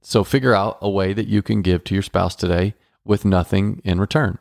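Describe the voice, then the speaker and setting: Male podcast co-host, low and gravelly, upbeat, playful, teaching couples. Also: fairly even intonation, moderate pace, darkish tone, no echo, clean studio sound. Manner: upbeat, playful, acts out little dialogues. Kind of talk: casual marriage advice chat.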